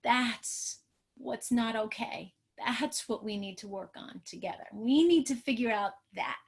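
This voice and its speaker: A woman presenting a parenting webinar as a trauma specialist, emotional and animated, acting out what parents say to children. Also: a little high, a little slow, breathy edge. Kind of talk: expressive webinar teaching.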